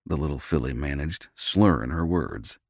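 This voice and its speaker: A man's voice: rumbling low, moderate pace, no echo, clean studio sound. A man reading a first-person romance audiobook with a gritty, tough-guy delivery. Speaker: audiobook narrator.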